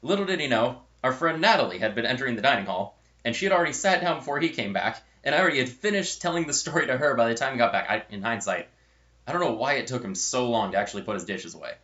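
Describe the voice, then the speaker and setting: A man's voice: mid-range voice, expressive, fast talker, pushed and bright, highs cut off. A young man hosting his own channel, telling a funny college story in a casual, rambling way and correcting himself as he goes. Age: young adult. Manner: chatty and rambling, with self-correcting asides.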